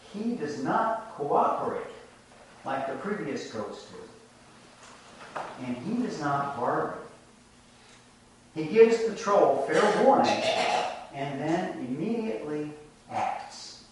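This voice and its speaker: A man's voice: on the high side, very animated, slight background noise. A man preaching a reflective sermon, telling a folk tale and drawing lessons from it, recorded from a distance. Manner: reflective, measured storytelling. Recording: echoey room from a distant mic.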